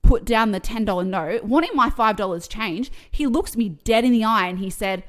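A woman's voice: a little high, moderate pace. Woman telling dating stories. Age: 30s. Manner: animated storytelling, swearing freely. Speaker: podcast co-host. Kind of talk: casual chat.

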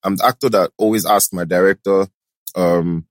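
Confident Nigerian man, low dry voice. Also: fairly even intonation, normal speed, no room sound. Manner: confident, advising, mixes pidgin with English. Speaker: actor and event host, guest. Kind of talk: casual chat.

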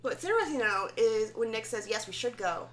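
A woman co-hosting a podcast, telling the story in a casual, excitable way with acted-out quotes. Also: on the high side, brisk, slight background noise. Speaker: podcast co-host. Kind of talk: casual chat recapping a show.

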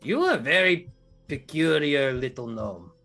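A man doing a sneering man-eating creature with a thick put-on Eastern European accent. He draws out his threats slowly, and his pitch swoops up and down as he taunts. Faint music plays underneath. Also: sing-song, bright, forceful tone, full character voice. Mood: menacing taunting. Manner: slow, drawn-out, menacing taunting. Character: sinister male creature that eats people, mocking. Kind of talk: game master voicing a villain.

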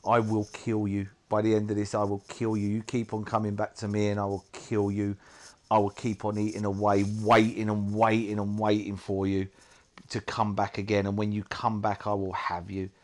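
Guy doing his addiction's voice, low quiet menacing threats, slow and patient. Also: completely flat delivery, close to an everyday voice.

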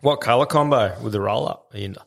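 An Australian man hosts a casual podcast in a blokey style, swearing and calling his guests mate and bro. His voice is low-ish and creaky, and he talks fast.

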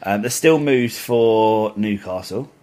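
A man's voice: lowish voice, slow pace, darkish tone. A man co-hosting a football podcast, chatting casually with laughing, sweary banter. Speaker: podcast co-host. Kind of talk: casual chat.

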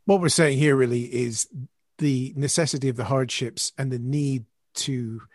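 A man hosting a discussion, speaking in a measured, thoughtful way. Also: mid-range voice, steady tone, a little mellow, no echo, studio quality. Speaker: host. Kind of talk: casual discussion.

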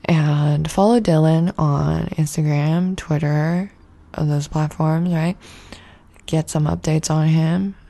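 A woman's voice: sits low, fairly even intonation, slow pace, mellow. A woman hosting a podcast, chatting casually and laughing often. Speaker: podcast host. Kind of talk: casual chat.

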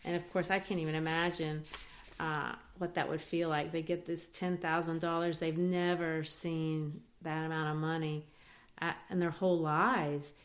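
A woman teaching literature in a lively way, discussing a play and acting out its quoted lines. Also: low-pitched, moderate pace. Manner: animated, acts out quoted lines.

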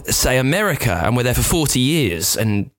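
A man's voice: mid-range voice, very animated, moderate pace, a bit bright, no echo, clean studio sound. Chatty British man musing aloud. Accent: British English. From England. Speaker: podcast co-host. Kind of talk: casual chat.

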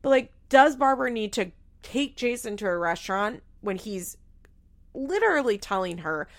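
A woman's voice: mid-range voice, sing-song, normal speed. A young woman giving frank, casual commentary on a reality show, swearing freely and filling her talk with "like". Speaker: reality TV recap host.

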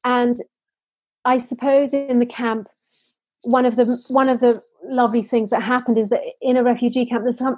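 A woman shares stories in an earnest, heartfelt way. Her voice sits fairly high, with a mellow, husky tone. The sound is dry and close. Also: no echo, rough recording. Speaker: social entrepreneur guest. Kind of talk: interview storytelling.

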